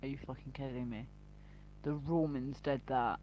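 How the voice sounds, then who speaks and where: A woman's voice: very deep voice, fairly even intonation, normal speed, dull audio, slight background noise. A woman with a Glaswegian Scottish accent, chatting casually on a live stream while reading the chat, blunt and sweary, laughing often.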